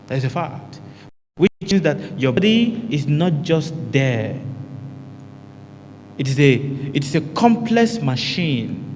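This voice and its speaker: Guy teaching meditation to a group, kinda high voice, keeps going "your what?" and answering, faint hum behind. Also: a little mellow, long reverb tail. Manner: asks rhetorical questions and answers them himself; emphatic, repeats key phrases. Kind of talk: spiritual teaching talk to a group.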